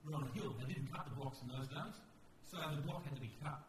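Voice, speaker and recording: A man's voice: medium pitch, fast, recorded from a distance. Man, Australian accent, middle-aged, pastor, storytelling sermon, echoey church, noisy recording. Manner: storytelling, acts out quoted voices.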